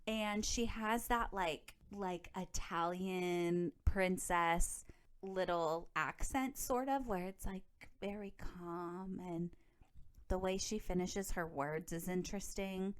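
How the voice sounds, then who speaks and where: A woman's voice: lowish voice, takes it slowly, clear, resonant tone. A woman hosting a solo podcast, chatty and gossipy, with frequent swearing and filler words. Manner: chatty, profane, gossipy, lots of "like". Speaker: podcast host.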